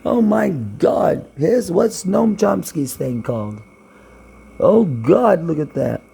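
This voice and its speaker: Rambling raspy New man. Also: a little high, big pitch swings, slow pace, mellow. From Brooklyn, New York. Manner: rambling, talks to himself, blunt and swearing. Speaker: vlogger. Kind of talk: rambling talk to camera.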